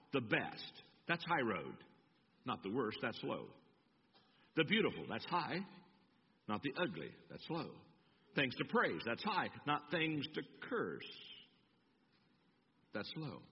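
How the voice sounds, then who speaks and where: A pastor preaching a sermon, telling stories and acting them out. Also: male voice, high voice, husky. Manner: animated storytelling, acting out voices. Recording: echoey church hall, dull sound.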